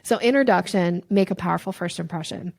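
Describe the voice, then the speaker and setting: This sales coach has a fairly low voice with some vocal fry, speaking a little quickly on a dry recording. In a chatty interview she walks through her method, lively and slipping into playful voices to act out brief examples.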